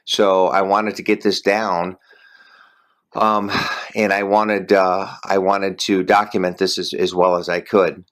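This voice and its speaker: Deep-voiced hesitant male interviewer. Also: level tone, a little slow, fairly bright tone. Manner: hesitant, careful questioning with many fillers. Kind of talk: phone interview.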